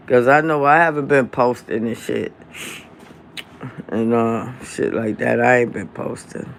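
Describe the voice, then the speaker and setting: A man hosting a live stream from home, talking in a heated, profane, drawn-out rant into his phone. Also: mid-range voice, fairly even intonation, gravelly, fairly bright tone, slight background noise. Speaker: livestream host.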